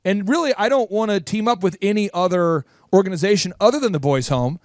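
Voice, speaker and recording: High, bouncy-voiced male talk show host. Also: brisk, no room sound, clean studio sound. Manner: energetic, leading questions, comic asides. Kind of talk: business talk show banter.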